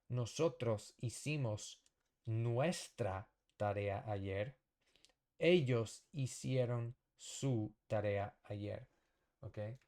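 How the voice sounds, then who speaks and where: A man teaching a casual lesson at a whiteboard, explaining slowly and patiently, often checking with "okay?". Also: on the low side, darkish tone. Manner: slow, patient explaining with fillers and repeated checks. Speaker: Spanish teacher.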